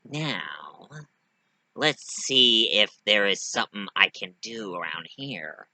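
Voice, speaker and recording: A man's voice: on the low side, expressive, slow, bright, forceful tone, no echo, voice pushed down, heavily acted, rough recording. A man voicing a wisecracking, foul-mouthed male killer doll in a one-man fan voice play, taunting and yelping. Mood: scheming. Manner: taunting, snarky, yelps in pain.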